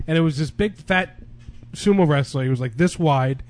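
A man's voice: a little high, moderate pace, darkish tone. A young man from New Jersey on a podcast, rambling in casual chat and searching for words. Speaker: podcast co-host.

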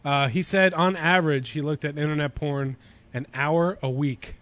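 A man's voice: fairly high pitch, steady tone, moderate pace, a bit bright. A man hosting a comedy podcast, reading a news story aloud with wry asides and laughs. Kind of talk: casual comedic podcast chat.

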